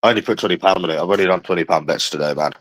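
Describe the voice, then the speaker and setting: A man's voice: low voice, rapid-fire, a bit bright, poor audio. A man in a profane, rambling livestream chat, calling his viewers bro and mate.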